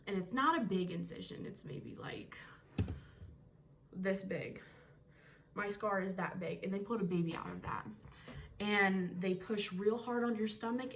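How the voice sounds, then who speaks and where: A woman's voice: mid-range voice, slight background noise. A young woman vlogging from her bedroom, telling a personal story in a candid, rambling way, with casual swearing and moments of emotion. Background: faint TV sound playing.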